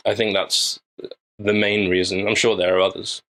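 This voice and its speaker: A man's voice: fairly low pitch, level tone, moderate pace, bright, forceful tone, low-quality recording. A man from England, a filmmaker guest, talking casually over a video call and thinking aloud with many fillers and restarts. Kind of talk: casual interview chat.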